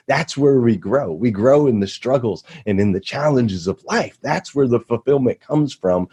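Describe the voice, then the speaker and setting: A man's voice: medium pitch, mellow, breathy edge. A man telling a personal story as a podcast guest, earnest and motivational, building to emphatic points. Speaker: radio show host, podcast guest.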